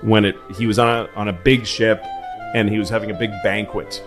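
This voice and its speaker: A man with a lowish voice chats casually and wanders through loose stories. Music plays clearly underneath the talk. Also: steady tone, brisk. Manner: storytelling, loose. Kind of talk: casual chat.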